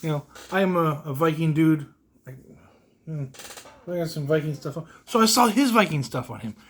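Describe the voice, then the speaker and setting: A man's voice: fairly high pitch, lively intonation, moderate pace, breathy edge. A young man hosting a solo podcast, talking in an emotional, rambling, self-deprecating way with small laughs. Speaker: podcast host. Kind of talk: casual solo podcast monologue.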